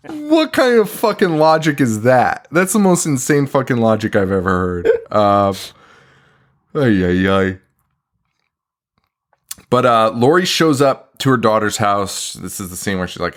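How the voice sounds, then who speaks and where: Man, podcast co-host, casual film recap, profane, laughs a lot, middle pitch. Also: sing-song, unhurried. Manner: laughing, profane, tangent-prone.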